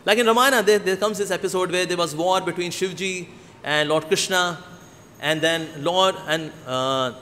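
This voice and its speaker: Animated preacher, high voice. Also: male voice, normal speed, a little hiss or hum. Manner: animated storyteller, playful asides. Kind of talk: sermon. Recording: long hall reverb.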